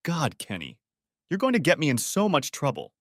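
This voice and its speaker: A man's voice: huge pitch swings, moderate pace, slightly rough, no room sound, clean studio sound, heavily acted. Man voicing a flustered young bride. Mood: teasing. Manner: panicky, high-pitched, stammering.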